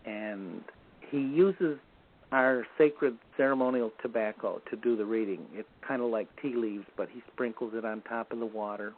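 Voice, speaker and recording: Male guest recounting a story over the phone; average pitch, relaxed pace with self-corrections, thin telephone audio. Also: slight background noise. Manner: unhurried, with frequent restarts. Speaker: guest recalling a medicine man. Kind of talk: conversational storytelling. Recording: tinny phone line.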